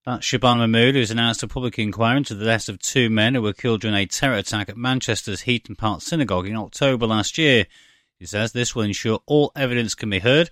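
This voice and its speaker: A man reading a scripted radio news bulletin in a measured, even delivery. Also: mid-range voice, no room sound, clean studio sound. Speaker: newsreader. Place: studio. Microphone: studio microphone.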